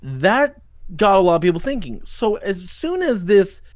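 A male livestream host rants at a fast clip, swearing freely. His voice sits high for a man. The sound is dry and close. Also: big pitch swings, darkish tone, no room sound. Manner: profane, ranting, quotes people in mocking voices. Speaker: podcast host. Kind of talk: heated livestream commentary.

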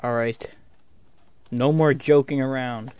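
A man's voice: medium pitch, fairly even intonation, slow pace, darkish tone, smooth, no room sound. A man gaming with friends, playing a scolding parent in a joking way, stammering and laughing. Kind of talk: casual gaming banter.

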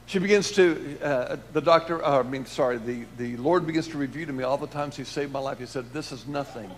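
A man preaching and telling a personal testimony, swinging between loud emphatic lines and hushed low ones. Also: brisk, slight background noise. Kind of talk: testimony sermon.

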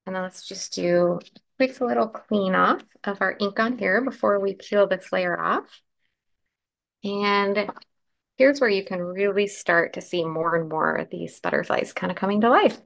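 Female craft host, croaky morning voice, friendly step-by-step live demo. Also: mid-range voice, unhurried, a bit bright. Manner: chatty, explains steps while working, answers comments.

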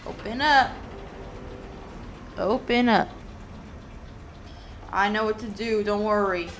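A woman with a mid-range voice hosts a gaming video, talking slowly to herself and exclaiming as she plays. This casual let's-play commentary has slight background noise.

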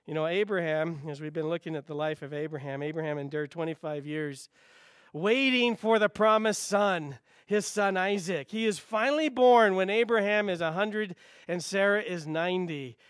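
High-voiced pastor preaching earnestly. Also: male voice, normal speed, a bit bright, clear, resonant tone, no echo, clean studio sound. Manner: earnest, repeats phrases for emphasis, quotes scripture, drops to near whisper at times. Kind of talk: sermon.

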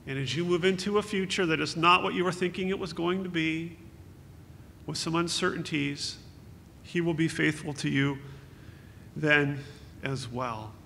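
A man's voice: a little high, normal speed, vocal fry, long pauses, bright, forceful tone. A man giving an earnest, consoling memorial sermon as pastor, quoting scripture. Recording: echoey hall with faint hum.

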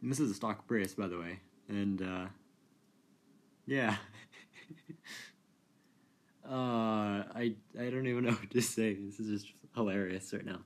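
A man giving casual, amused commentary while playing a racing game, chatty and quick to laugh. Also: on the low side, fairly even intonation. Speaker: gaming video creator.

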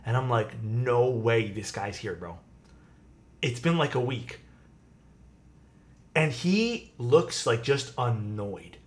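Animated young man telling a story. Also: medium pitch. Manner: animated, acts out quoted people. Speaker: streamer. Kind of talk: casual storytelling to chat. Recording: faint music behind.

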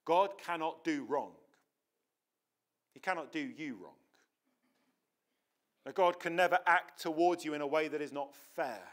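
A man preaching a sermon in a church, earnest and emphatic, often restarting his words. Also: on the high side.

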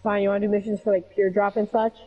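A woman's voice: mid-range voice, flat delivery, fast, faint music behind. A woman playing a video game with a friend, chatting casually and telling rambling stories full of fillers. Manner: rambling storyteller, filler-heavy. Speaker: co-player. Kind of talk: casual gaming chat. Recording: dull lo-fi mic with faint noise.

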